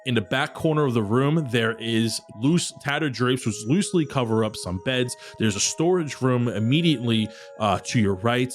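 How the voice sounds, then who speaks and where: A man running a tabletop game as dungeon master, with an ordinary mid-pitched voice. He describes each scene at a steady pace over faint background music. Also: moderate pace, few pauses.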